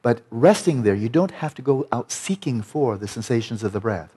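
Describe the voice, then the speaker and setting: A man teaching breath meditation to a group in a gentle, conversational way, often repeating words softly. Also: mid-range voice, expressive, normal speed, husky. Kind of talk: guided meditation instruction.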